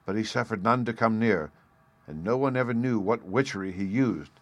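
A man narrates a storybook in a low voice. He reads at a steady, measured pace. The recording is dry and close to the mic. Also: no echo. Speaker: audiobook narrator. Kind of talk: scripted narration.

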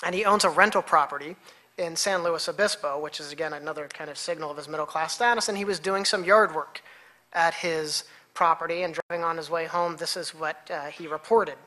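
A woman researcher presenting her findings at an academic conference, explaining in a measured way and now and then correcting herself mid-sentence. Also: low voice, sharp tone. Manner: measured, explanatory lecturing with occasional self-corrections.

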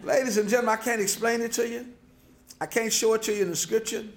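A man's voice: high-pitched, fairly even intonation, fast talker, creaky, roomy sound. A man preaching a sermon, passionate, with repetitions and stammered restarts. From New Orleans, USA. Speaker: pastor. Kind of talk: sermon lecture. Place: lecture hall.

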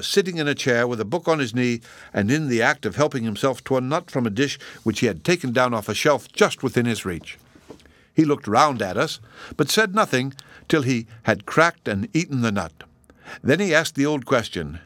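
A man reading a storybook aloud as narrator in an expressive, measured way. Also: mid-range voice, no echo.

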